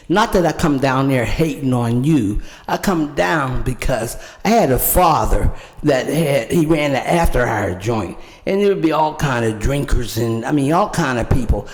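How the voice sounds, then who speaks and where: A woman's voice: very deep voice, darkish tone, long reverb tail. An older woman giving an emotional public comment at a city council meeting, telling a personal story. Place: council chamber.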